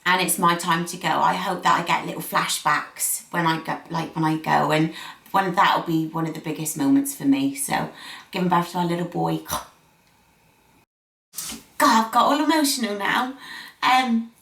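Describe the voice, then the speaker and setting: A woman's voice: low voice, fairly even intonation, normal speed, creaky, fairly bright tone. A young woman vlogger telling a personal story to camera, gushing and repeating words for emphasis. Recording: echoey room.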